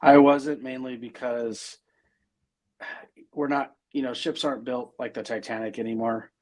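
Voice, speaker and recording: A man's voice: mid-range voice, fairly even intonation, measured pace, darkish tone. Middle-aged guy rambling thru an interview, lots of ums and restarts. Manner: rambling, many fillers and restarts. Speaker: interview guest. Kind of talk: casual interview talk.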